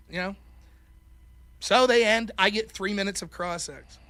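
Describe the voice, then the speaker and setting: A middle-aged man from Pennsylvania, hosting a call-in show and telling a profane, animated story that acts out every quote. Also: high-pitched, a little slow, pauses often, dry recording. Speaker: host.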